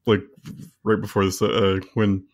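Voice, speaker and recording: Laughing, lower-voiced man. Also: little pitch movement, unhurried. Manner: enthusiastic, laughs often. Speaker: podcast co-host. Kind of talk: casual chat.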